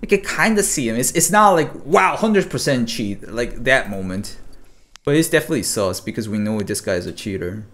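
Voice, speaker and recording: A man streaming live, commenting casually on gameplay clips, animated and profane, laughing often. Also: fairly low pitch, fairly quick. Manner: animated, swearing, frequent laughter. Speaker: streamer investigating cheaters.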